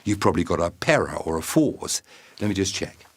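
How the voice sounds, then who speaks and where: A man's voice: deep voice, lively intonation, fairly quick, breathy edge. A man delivering a brash, teasing comedic message full of swearing. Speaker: fighter sending a video message. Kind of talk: comedic scripted monologue.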